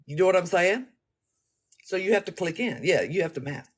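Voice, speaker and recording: High-voiced man telling a rambling story. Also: a little fast, breathy edge. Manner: animated, slangy and rambling, addresses listeners directly. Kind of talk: casual storytelling talk.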